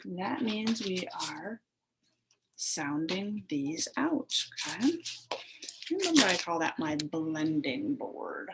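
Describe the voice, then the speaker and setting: A woman teacher giving a phonics lesson to young children over a video call, sounding out letters slowly and clearly. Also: on the low side, big pitch swings, background noise.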